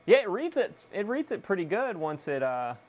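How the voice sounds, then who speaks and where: A young man casually chatting to viewers on a live stream while repairing a console, excitable and swearing freely. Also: sits high, normal speed. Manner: excitable, swears, self-deprecating laughs.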